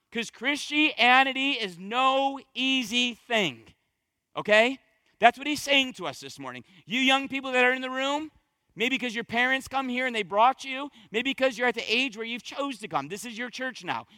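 A man preaching a sermon to his congregation in a church sanctuary, emphatic and repetitive, slowing down to stress key phrases. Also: very high voice, pushed and bright, no room sound. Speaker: pastor.

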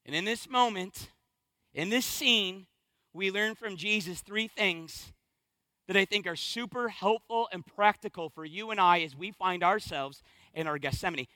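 A middle-aged man preaches with a very high, bright and forceful voice. He swings from loud, urgent emphasis down to hushed, almost whispered lines. The sound is dry and close. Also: a little slow, no echo, poor audio. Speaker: pastor. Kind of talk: sermon.

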